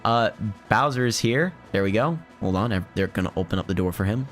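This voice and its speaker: A hoarse man from Finland rambles chattily over a game, laughing often. His voice is low but very lively in pitch. Faint music plays behind him. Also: brisk. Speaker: let's play host. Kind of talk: gameplay commentary.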